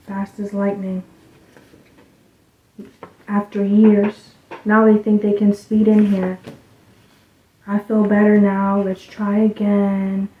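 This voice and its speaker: A woman giving a casual spiritual card reading, rambling loosely and dropping into soft muttered asides. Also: medium pitch, completely flat delivery, slow pace, pauses often, slight background noise. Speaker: tarot reader. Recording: tinny, phone-like sound in an echoey room.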